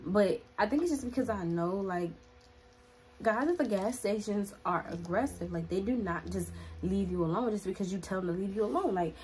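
A woman's voice: mid-range voice, darkish tone. A young woman in a storytime vlog, retelling events in a chatty, dramatic way with many "like" fillers. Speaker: vlogger.

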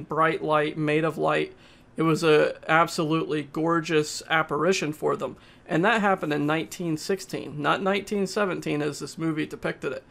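A man giving a casual, halting spoken movie review, often pausing and restarting his sentences. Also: a little high, gravelly, fairly bright tone. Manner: plain, halting, with frequent uhs and restarts.

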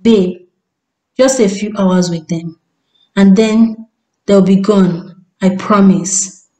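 A woman's voice: medium pitch, steady tone, takes it slowly, mellow, roomy sound, lightly acted, poor audio. A woman voicing a devoted young husband who speaks soothingly and coaxingly.

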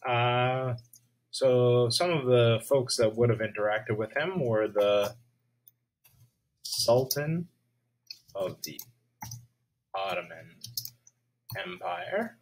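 A male teacher giving a lesson video, speaking slowly and checking in with his students. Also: mid-range voice, lively intonation, slight background noise, rough recording. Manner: slow, checks in with "all right?".

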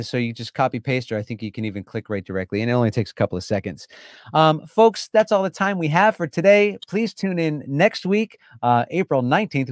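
An enthusiastic man hosts a casual live stream, heaping praise on his guest. His voice sits at an ordinary pitch. The sound is dry and close, with little room to it. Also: dry recording. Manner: enthusiastic, effusive. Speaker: host.

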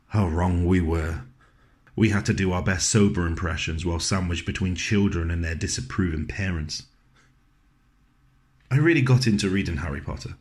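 A man with a very deep voice delivers a scripted dramatic monologue. He tells it in a gentle, wry way, dropping into low, soft passages. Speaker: actor performing a monologue.

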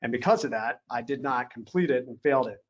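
At an evening event in an event hall, a keynote speaker with a medium-pitched voice and quick pace gives a motivational talk. He earnestly tells a personal story, acting out what officers said to him, and the lo-fi recording sounds slightly dull.

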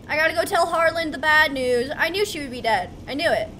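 A woman streamer giving casual gameplay commentary, excitable and talking to herself, with yelps as she plays. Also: high voice, brisk, heavy background noise. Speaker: gaming streamer.

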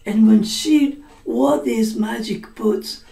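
Slow, mellow woman teacher telling a story. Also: fairly high pitch, creaky, recorded from a distance. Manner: slow and deliberate, explains words, acts out voices in quotes. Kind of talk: slow story-listening lesson. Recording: echoey room, voice a little off mic.

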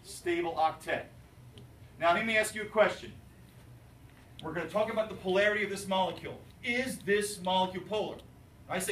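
A man's voice: sits high, fairly quick, slight background noise. Man, chemistry teacher, jokey lecture style, quizzes the class, roomy classroom sound. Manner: animated, jokey, asks students questions. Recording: roomy, distant classroom recording.

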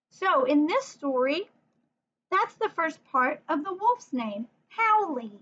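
A woman teacher giving a phonics lesson for young children, sounding words out slowly letter by letter and asking encouraging questions. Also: high voice, big pitch swings, a bit bright, highs cut off. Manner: encouraging, asks the listener questions.

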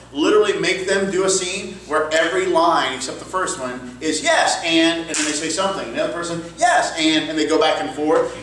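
A man teaching an improv workshop in an upbeat, chatty way, sprinkling in quick asides. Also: a little high, a bit bright, slight background noise. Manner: upbeat, quick asides, frequent "cool" and "okay". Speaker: improv coach. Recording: echoey room, far from mic.

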